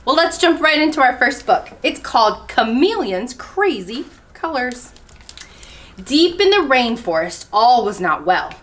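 Reading picture books to children at story time, this librarian is lively and expressive. She has a slightly high voice and keeps a measured pace.

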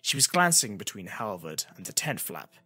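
A man reading an audiobook chapter as narrator, in an even storytelling manner. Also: fairly low pitch, moderate pace, husky. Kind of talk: scripted narration.

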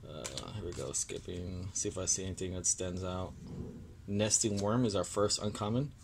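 A man's voice: sits low, fairly even intonation, noisy background. Annoyed young man opening card packs. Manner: annoyed, apologetic, reads card names haltingly. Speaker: card-opening video host. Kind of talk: casual pack-opening vlog.

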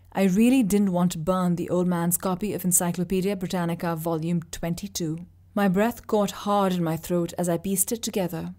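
Woman reading fiction aloud. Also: lowish voice. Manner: steady, vivid storytelling. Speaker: reader. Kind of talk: audiobook narration.

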